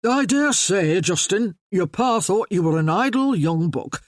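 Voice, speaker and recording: A reader voicing a hearty, blunt gentleman with a Yorkshire accent. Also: medium pitch, expressive, a little slow, dry recording, clean studio sound, voice pushed up, lightly acted.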